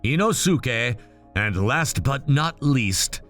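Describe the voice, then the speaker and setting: A young man casually narrating a fan story in a plain, unhurried way. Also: mid-range voice, expressive, fairly bright tone, soft background music.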